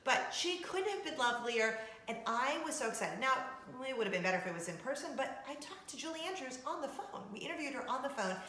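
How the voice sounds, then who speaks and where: Bright-voiced chatty woman vlogger. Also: sits high, big pitch swings, quick pace, a little hiss or hum. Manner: chatty and upbeat, laughs often. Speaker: vlog host, former radio host. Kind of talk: casual chat to camera. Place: home kitchen. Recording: roomy echo.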